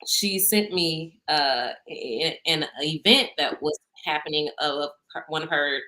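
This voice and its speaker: A woman's voice: low voice, a little slow. A woman, co-hosting a casual podcast chat, telling stories with lots of laughter and acted-out quotes. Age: 30s. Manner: animated storytelling, laughing often, acting out quotes. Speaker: podcast co-host.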